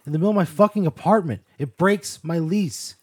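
A man's voice: on the high side, fairly quick, darkish tone, husky. A man protesting and swearing in exasperation during improvised comedy banter. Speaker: podcast co-host.

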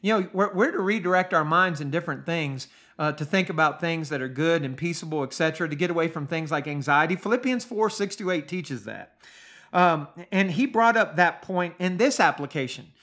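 Male preacher with a high voice; earnest, emphatic sermon delivery full of pointed questions. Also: animated, brisk, fairly bright tone. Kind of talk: sermon podcast.

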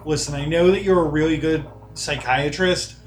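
A player voicing an excitable, blunt male lawyer character in a tabletop game, in a near-normal voice. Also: medium pitch, moderate pace, reverberant, faint music behind, close to an everyday voice. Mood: wry. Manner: excitable, exclamatory.

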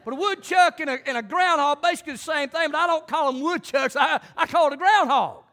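A pastor delivers a folksy sermon in a very high, ringing voice. He talks plainly and then climbs into shouted, fervent preaching. The man's tone stays bright and forceful throughout. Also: fast. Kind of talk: fiery country sermon.

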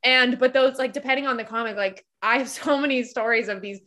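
A woman's voice: on the high side, fast talker, a bit bright. A woman telling work stories in casual chat, full of restarts. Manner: chatty storytelling with frequent restarts. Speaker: podcast guest recalling past work as a comedy club server.

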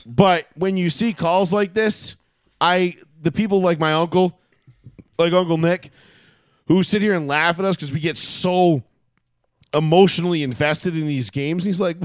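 A man co-hosting a casual sports podcast, heated and profane, telling stories with animated reenactments. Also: a little high, unhurried, clear, resonant tone, no room sound, clean studio sound. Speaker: podcast co-host.

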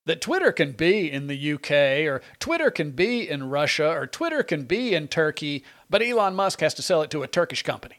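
A man hosting a talk radio show, delivering opinionated political commentary in an animated, sarcastic and emphatic way. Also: a little high, a little fast, hardly any pauses.

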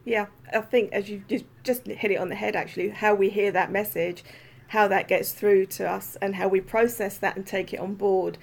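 A woman's voice: medium pitch, fairly even intonation, moderate pace, gravelly. A woman hosting a podcast over a video call, chatting casually in a meandering way with lots of fillers. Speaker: podcast host. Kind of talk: casual interview chat.

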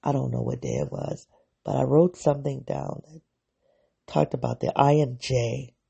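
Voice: mid-range voice, sing-song, moderate pace, vocal fry, dark tone, husky, highs cut off. A vlogger giving a reflective personal monologue, thinking aloud and correcting themselves as they go.

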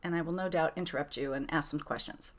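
A woman's voice: sits low, quick pace. A woman hosting a podcast, chatting casually and rambling with lots of fillers. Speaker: podcast host. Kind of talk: casual chat.

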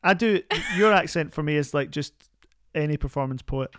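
A man, a comedian guest on a podcast, talking in a wry, deadpan way and slipping in jokes. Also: a little high, moderate pace, no room sound, studio quality. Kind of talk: casual podcast interview.

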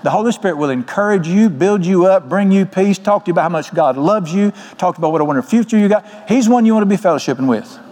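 A man's voice: high-pitched, expressive, fast, few pauses, a little mellow. An older man preaching a sermon as pastor, folksy and joking. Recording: long hall reverb.

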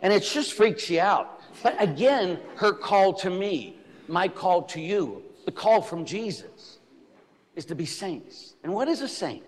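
Blunt, animated male priest preaching with a fairly high voice that swoops widely, heard with a long echo in a church. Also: measured pace, husky. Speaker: Catholic priest. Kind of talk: sermon. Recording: echoey church hall.

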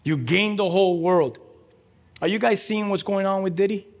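A man's voice: high-pitched, moderate pace, vocal fry, big-room sound. A man preaching a sermon as pastor, urging the congregation directly and with emphasis.

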